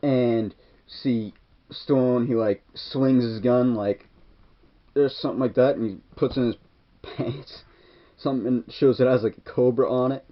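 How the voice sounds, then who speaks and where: Unhurried and medium-pitched, a male reviewer casually walks through a film's scenes. His recap rambles, full of constant "like" and "kinda," and the lo-fi audio sounds dull.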